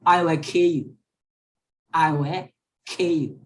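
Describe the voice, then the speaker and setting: Brief: proud male lion, storybook, voiced by a female teacher, slow and deliberate, lines repeated. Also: sits low, fairly even intonation. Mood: angry. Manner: repeats each line slowly.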